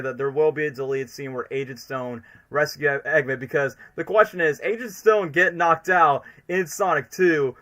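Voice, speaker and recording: A man hosting a livestream, talking in an excitable, rambling way as an eager fan. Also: on the high side. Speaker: streamer host. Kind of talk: casual livestream commentary.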